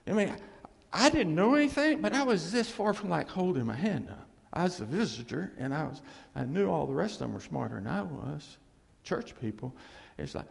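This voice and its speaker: Gravelly preacher with a husky, echoing voice. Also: male voice, fairly high pitch, sing-song, moderate pace. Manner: repeats phrases for emphasis, checks in with "okay?" and "see?". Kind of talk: conversational sermon. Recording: long hall reverb.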